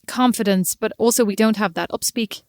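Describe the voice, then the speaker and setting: A woman's voice: mid-range voice, brisk, darkish tone, no room sound, clean studio sound. Teasing Irish woman chatting on a podcast. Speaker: podcast co-host. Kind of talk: casual chat.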